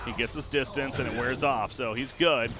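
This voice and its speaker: A man giving live play-by-play commentary on a video game match, his pitch and volume surging during the fights. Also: steady tone, normal speed, music in the background. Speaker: esports caster. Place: home streaming setup.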